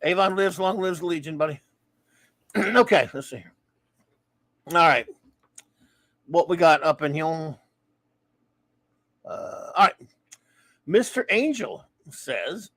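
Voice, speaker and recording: Man, live-stream host, casual rambling chat, stumbles and restarts, slightly high voice, dry close sound. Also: fairly bright tone, no room sound. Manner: rambling, stumbling, self-correcting with quick laughs. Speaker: podcast host reading listener reviews.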